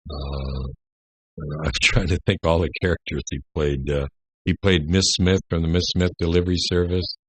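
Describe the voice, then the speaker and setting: An older man, a guest on a radio interview, telling rambling stories full of pauses. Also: sits low, fairly even intonation, slightly rough, no room sound. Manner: rambling anecdotes with many "uh" pauses. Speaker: guest entertainer.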